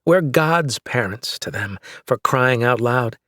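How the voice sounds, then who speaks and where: A male narrator voicing a frustrated, emotional wife who pleads and accuses, his voice lifted higher and louder. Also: animated, slow, no echo, studio quality. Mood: insistent. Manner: pleading and accusing, rising in pitch when upset.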